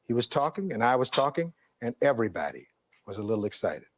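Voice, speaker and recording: A man's voice: medium pitch, very animated, quick pace. A middle-aged man, a defense attorney giving a courtroom closing argument, reading testimony aloud and posing rhetorical questions in an oratorical way.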